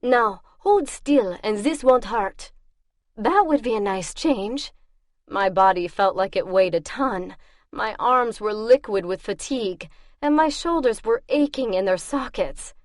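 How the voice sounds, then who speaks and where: A woman narrating a fantasy audiobook in first person, in a measured, wry way. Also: mid-range voice, no echo, studio quality.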